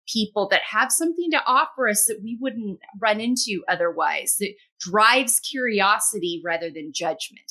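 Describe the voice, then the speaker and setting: Bright-voiced woman podcast host. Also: lowish voice. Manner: warmly affirming, frequent "yeah". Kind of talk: conversational interview.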